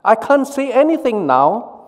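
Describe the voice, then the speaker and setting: A man putting on a whiny, indignant mouth that sulks at being silenced, the voice pitched far above his own. It rings with the long reverb of a worship hall. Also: sing-song, measured pace, exaggerated voice. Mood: sulky. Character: sulky talkative mouth that was silenced.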